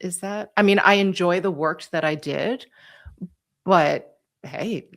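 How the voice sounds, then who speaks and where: Woman, forties, podcast co-host, hesitant, thinks aloud, somewhat low voice. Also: takes it slowly. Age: 40s. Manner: hesitant, searching for words. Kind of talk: casual chat.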